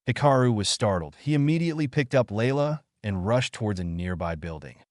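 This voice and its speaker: A man narrating a web novel story in an expressive storytelling manner. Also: lowish voice, a little fast, dry recording, studio quality.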